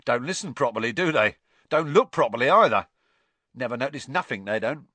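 A loud, cocky young bus conductor. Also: male voice, medium pitch, animated, brisk, dry recording, pitched above the performer's own voice. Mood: cheeky.

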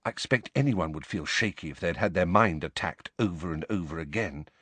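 A man's voice: mid-range voice, huge pitch swings, moderate pace, slightly rough, dry recording, voice pushed up. A man voicing a bookish, know-it-all teenage schoolgirl witch in an audiobook, speaking earnestly and a bit bossily. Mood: concerned. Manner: earnest, explaining, a bit bossy. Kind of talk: audiobook character voice.

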